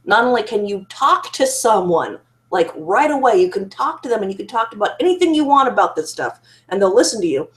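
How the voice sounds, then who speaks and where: A woman talks straight to the camera about hard things in her own life. She is frank and self-critical, her words come in halting restarts, and she laughs now and then. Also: fairly low pitch. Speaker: survivor sharing her story. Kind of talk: candid personal monologue to camera.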